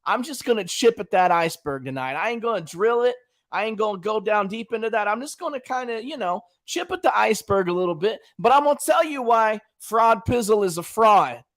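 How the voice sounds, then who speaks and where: A man's voice: sits high, expressive, brisk, fairly bright tone. A man hosting his own livestream, casually trash-talking a rival in colloquial slang and talking straight to his chat. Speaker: channel host.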